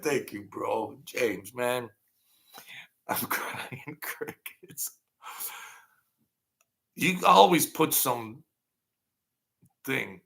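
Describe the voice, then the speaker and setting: A man's voice: medium pitch, lively intonation, extremely slow, gravelly, pauses often, fairly bright tone. A man hosting a casual livestream, rambling and thanking viewers by name as he reads their comments. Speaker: channel host.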